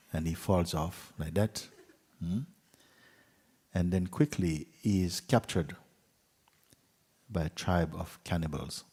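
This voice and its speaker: A man, a spiritual teacher, telling a story gently at a retreat, with soft, trailing endings. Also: deep voice, slightly rough, long reverb tail. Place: retreat hall.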